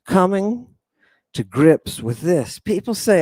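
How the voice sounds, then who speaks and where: A man's voice: high voice, a little slow, no room sound. A man lecturing on scripture in an impassioned, preacherly way, sighing often, with sarcastic asides, and forever asking his listeners "right?". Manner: animated, preacherly, keeps addressing listeners as "people" and asking "right?". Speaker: host.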